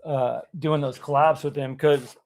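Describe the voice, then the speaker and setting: Male livestream host, slightly high voice, casual, halting delivery. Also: fairly even intonation, darkish tone. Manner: halting, full of fillers and restarts.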